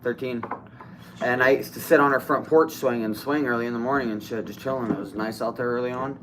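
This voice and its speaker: A young man from Ohio spins a story on a podcast in a casual, animated, profane way. His voice sits at an ordinary middle pitch. A faint noise floor hangs under the studio recording. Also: fairly quick. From Toledo, Ohio. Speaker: podcast co-host.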